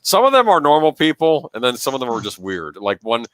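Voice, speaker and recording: A man's voice: mid-range voice, big pitch swings, a little fast, fairly bright tone, smooth, no echo. A man in casual podcast chat who talks in a reassuring way, often checking in with the listener. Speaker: podcast host.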